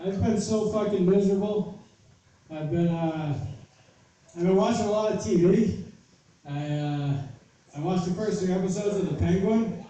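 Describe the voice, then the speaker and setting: High, profane man telling a story. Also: moderate pace, pauses often, mellow. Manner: profane, exasperated, acts out quoted voices. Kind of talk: casual storytelling. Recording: roomy echo from far off with faint noise.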